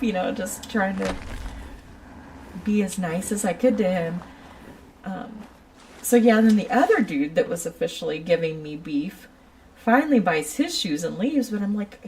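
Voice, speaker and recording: A woman who works in a shoe store, telling a casual, animated story about her customers and laughing often. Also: mid-range voice, normal speed, distant mic, slight background noise, poor audio. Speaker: retail shoe store worker.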